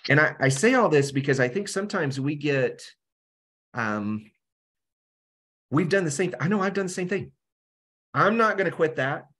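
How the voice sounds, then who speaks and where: A man's voice: a little high, animated, normal speed, pauses often, fairly bright tone, slightly rough. Casual man teaching scripture over a video call. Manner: casual, keeps asking "right?". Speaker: Bible study teacher.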